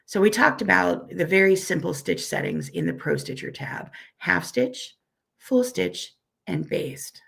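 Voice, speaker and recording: A woman with a weak, hoarse voice from a recent illness gives a friendly, self-deprecating live software tutorial and repeats each step slowly. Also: on the low side, big pitch swings. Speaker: software instructor.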